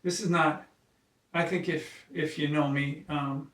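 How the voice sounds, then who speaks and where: A man's voice: fairly high pitch, steady tone, fairly bright tone. A man, an occupational therapist and founder, talking in a casual conversation. He tells earnest, emotional stories and often restarts his sentences. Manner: halting restarts. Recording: echoey room, mic at a distance.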